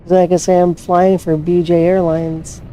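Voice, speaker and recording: A woman's voice: lowish voice, flat delivery, moderate pace, dark tone. A woman casually commenting to herself while playing a flight simulator, swearing freely as she hunts for her plane. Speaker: flight sim streamer.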